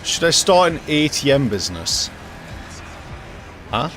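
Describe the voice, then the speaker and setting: A man's voice: a little high, big pitch swings, a little slow, a bit bright, faint music behind. A young man ranting and joking casually to his chat during a gaming livestream. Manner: jokey, ranting, reacts to chat, swears casually.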